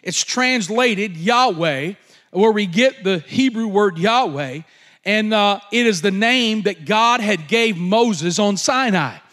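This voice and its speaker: A man delivering a sermon in a notably high voice. He speaks slowly and emphatically, repeating his key lines and pausing on fillers as he teaches. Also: animated, fairly bright tone. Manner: emphatic repetition, slow deliberate delivery with fillers. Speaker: preacher.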